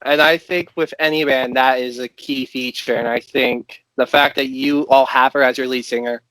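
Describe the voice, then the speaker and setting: A man's voice: medium pitch, fairly even intonation, normal speed, fairly bright tone, no room sound, poor audio. A man hosting an interview, asking long, winding questions with open enthusiasm. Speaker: interview host. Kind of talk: casual interview.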